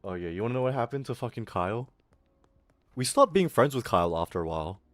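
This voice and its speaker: A young man streaming, telling a school story in a casual, animated, swearing way. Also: fairly low pitch, quick pace, no echo.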